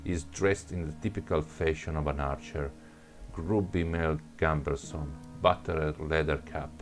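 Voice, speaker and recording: A man's voice: low voice, creaky. A man with another first language reading a second-person adventure story aloud, stumbling and restarting words. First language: not English. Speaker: narrator.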